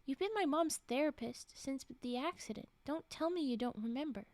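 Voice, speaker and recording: A confused young woman held in custody, asking insistent, pleading questions in a high voice, as a woman reads her part. The sound is dry and close. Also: animated, moderate pace, a little mellow, no echo.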